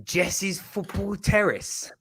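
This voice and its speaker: A man hosts a casual football livestream, and his tone is bright and forward. He talks in lively bursts and often restarts or repeats words as he works through a thought. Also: high-pitched, slow pace, gravelly, breathy edge. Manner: animated, stammering restarts. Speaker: host.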